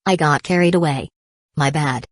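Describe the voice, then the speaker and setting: Audiobook read: woman voicing an awkward teen boy, stammering apologies, low voice, dry. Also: moderate pace, no room sound. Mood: apologetic. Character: awkward, remorseful teenage boy.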